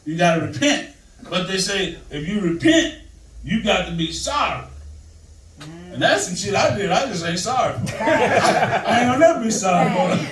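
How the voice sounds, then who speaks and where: An older man telling stand-up stories with a high-pitched, loose, rambling delivery. His voice carries through a roomy, echoing space. The mic sits some distance from him. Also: animated, normal speed, a bit bright, a little hiss or hum. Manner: loose, storytelling, Southern-flavored delivery. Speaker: stand-up comedian. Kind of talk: stand-up comedy set. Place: comedy stage before a live audience. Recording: echoey room, mic heard from a distance.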